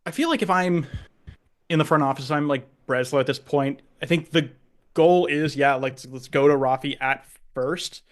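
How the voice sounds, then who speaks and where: A man's voice: on the high side, normal speed. A man co-hosting a sports podcast, talking in a loose, rambling way. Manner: rambling, full of likes and restarts. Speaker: podcast co-host. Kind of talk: casual sports chat.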